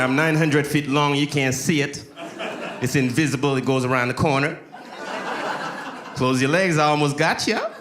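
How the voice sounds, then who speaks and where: A stand-up comic from Saint Lucia performing a set with a loose, laughing delivery and mocking voices. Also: male voice, on the high side. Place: comedy stage before live audience. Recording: echoey club with loud crowd.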